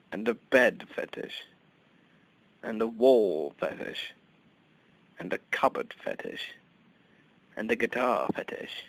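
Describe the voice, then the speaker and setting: A man rambling through an improvised comic monologue, stammering, sinking to breathy whispers and then bursting out loud. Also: lowish voice, rough recording. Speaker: comic character host.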